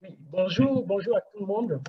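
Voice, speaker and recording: A man's voice: sits high, fairly quick, slight background noise. A man from Côte d'Ivoire, giving a formal, earnest self-introduction as a club president. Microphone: video call. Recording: muffled online call audio.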